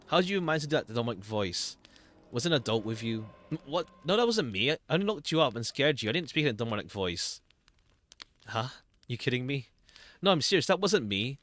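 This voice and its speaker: Male streamer, reads game lines aloud, expressive, mid pitch. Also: fairly quick, faint music behind. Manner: animated, switching between characters. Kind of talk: reading game dialogue aloud.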